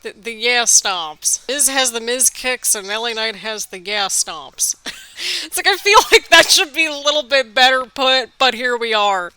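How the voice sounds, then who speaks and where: A woman hosting a wrestling reaction video, chatting excitably with quick laughs while a bit stuffy from allergies. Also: fairly high pitch, smooth, no room sound. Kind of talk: casual live reaction commentary.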